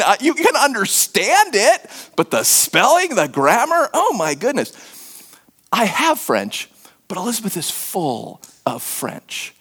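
A man's voice: high voice, huge pitch swings, a little slow, fairly bright tone, husky. A middle-aged American man preaching a conversational sermon as a pastor, with self-deprecating humor. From United States.

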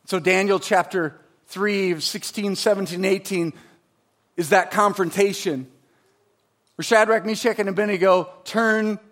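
A male pastor preaching a sermon, moving from calm teaching to fervent, emphatic delivery and asking his listeners rhetorical questions. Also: high-pitched, measured pace. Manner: asks the congregation rhetorical questions.

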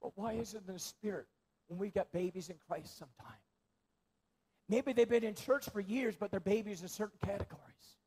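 A man preaching a sermon in a church, repeating phrases for emphasis and swinging between loud stress and near-whispers. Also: sits high, a little fast, slightly rough.

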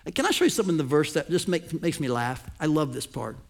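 Man, pastor, high voice, gravelly edge, animated sermon delivery, loud peaks and soft drops. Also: fast talker. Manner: animated preaching, swings from loud emphasis to near-whisper.

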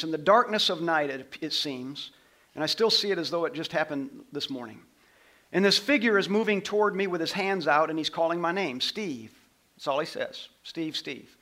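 A middle-aged man, a pastor, preaching a sermon and telling a story, swinging from loud passages to hushed ones. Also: high-pitched.

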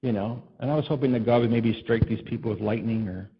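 A pastor with a medium-pitched voice preaches to his congregation at a quick clip, telling stories conversationally, often putting questions to the listeners and acting out what people said. The recording is lo-fi with a faint hiss or hum.

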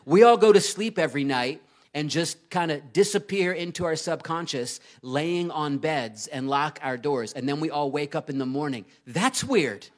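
A man in his thirties preaching a sermon, earnest and emphatic, rising to loud urgency and dropping low to read scripture. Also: normal speed. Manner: earnest and emphatic, swings between loud urgency and quiet reading. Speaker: pastor.

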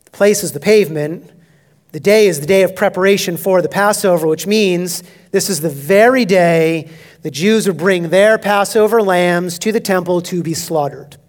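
A male pastor preaches an expository sermon with emphasis, swinging from loud declarations to hushed, almost whispered asides. His voice sits high and moves at a moderate pace.

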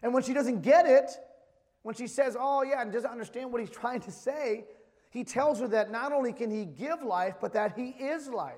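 A pastor in his thirties preaches a sermon with emphatic delivery, reading scripture aloud in between. His voice is extremely high-pitched and a little mellow at normal speed, with long hall reverb.

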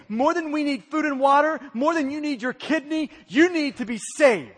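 A male pastor with a strikingly high voice delivers a sermon at normal speed, hardly pausing. He shifts from quiet, hushed passages to loud, emphatic ones, and the long reverb of the big church hall carries his words.

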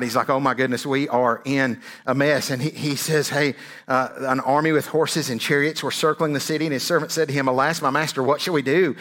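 A man's voice: mid-range voice, a bit bright. A man preaching a sermon as a pastor, in a conversational style, often asking "right?" and repeating words as he builds a point.

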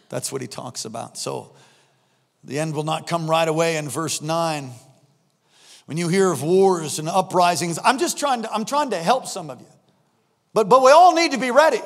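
A man in his fifties, a pastor preaching a sermon in church, animated and prone to acting out scenes with sudden shouts. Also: high-pitched, creaky. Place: church sanctuary. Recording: long reverb of a large hall.

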